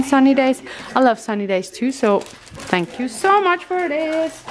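Slow, gushing woman with a higher voice. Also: lively intonation. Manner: gushing, delighted exclamations; slow, soft, searching for words. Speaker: vlogger opening happy mail. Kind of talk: casual unboxing chat.

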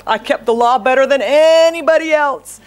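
A woman's voice: high-pitched, moderate pace, pitched above the performer's own voice, natural voice. A woman voicing a proud, self-righteous young man boasting of his own piety. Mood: boastful. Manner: boastful, emphatic.

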